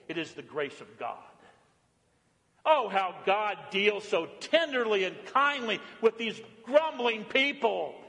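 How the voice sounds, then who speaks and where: A male pastor preaching a sermon, animated, rising high and loud on exclamations and dropping low and quiet on reflective lines. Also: big-room sound.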